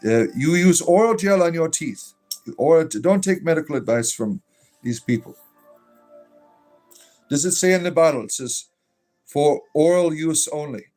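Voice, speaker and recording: A man's voice: on the high side, expressive, unhurried, long pauses, a little mellow, faint music behind. Joking druid bard streamer, man. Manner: joking, reacts to chat messages, blesses viewers. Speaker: livestream host reading chat. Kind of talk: casual livestream chat.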